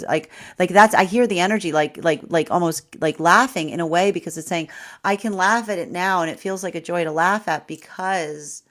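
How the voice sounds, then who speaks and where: Woman, lowish voice, tarot reader on a live stream, rambling and restarting, quick to laugh. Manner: rambling, many fillers and restarts, laughs often. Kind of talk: live-streamed astrology reading.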